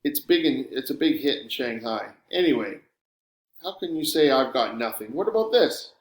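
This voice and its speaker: A man's voice: mid-range voice, animated, moderate pace, natural voice. A man doing a flustered teenage boy. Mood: amused. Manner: flustered, stammering when pressed. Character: teenage boy, embarrassed and defensive. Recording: roomy room echo.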